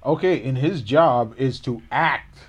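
A man's voice: medium pitch, a little slow. A man co-hosting a podcast, joking around and swearing freely in casual chat. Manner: joking, profane, goofing around. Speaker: podcast co-host.

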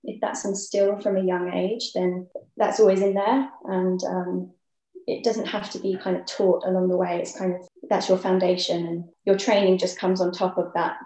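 A young woman, a ballet dancer, talking thoughtfully in a casual interview with many pauses and ums. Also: lowish voice, little pitch movement, mellow. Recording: echoey room.

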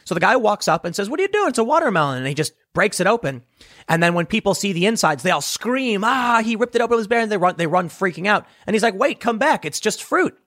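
Animated, emphatic male commentator. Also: on the high side, dry recording, studio quality. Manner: emphatic and animated, with frequent restarts and rhetorical questions. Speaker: political commentator. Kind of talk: opinionated monologue commentary.

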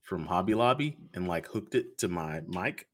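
A podcast host tells a story in an easygoing, animated way, slipping into the voices of the people he quotes. His voice sits on the low side for a man. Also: normal speed. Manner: animated, acts out quoted dialogue with laughs. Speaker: podcast host being interviewed. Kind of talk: casual storytelling.

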